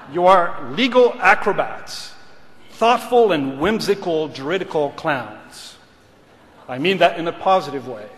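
A middle-aged man, a law school dean, giving a formal graduation speech in a measured, rhetorical manner, moving between English and French. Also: on the high side, fairly bright tone. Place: large ceremony hall. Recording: reverberant hall.

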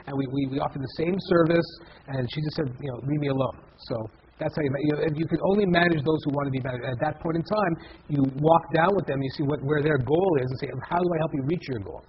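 A man's voice: a little high, fast talker, highs cut off, slight background noise. A man in his fifties, a guest in a casual interview, talking in a rambling way with many restarts and repeated words. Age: 50s. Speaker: guest, comedy festival head.

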